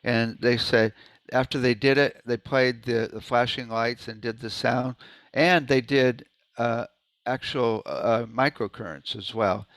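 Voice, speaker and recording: A man's voice: medium pitch, fairly even intonation, unhurried, a bit bright, dry recording. A man giving an informal presentation, talking loosely with many asides and demonstrating hums and rhythm syllables aloud. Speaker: presenter at a sound healing meeting.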